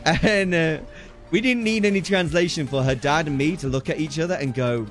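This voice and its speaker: A man chatting casually with his stream viewers, animated and laughing often, with "dude" in many of his sentences. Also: fairly high pitch, normal speed.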